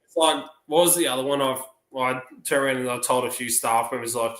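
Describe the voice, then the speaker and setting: A man's voice: mid-range voice, steady tone, normal speed, fairly bright tone. A man co-hosting a casual livestream, a jokey storyteller who tells one joke after another. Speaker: livestream co-host. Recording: roomy echo.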